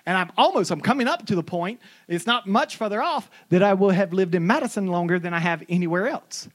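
A middle-aged speaker, originally from Florida, spins homespun stories to an audience. The pitch leaps up and down as they act out other people's voices in animated storytelling. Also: a little fast. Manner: animated storyteller who acts out quoted voices. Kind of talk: anecdotal monologue.

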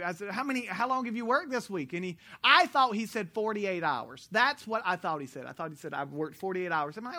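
In a high-pitched voice, an American preacher moves through his sermon fairly quickly and with few pauses. He stays animated, joking with the congregation and correcting himself as he goes.

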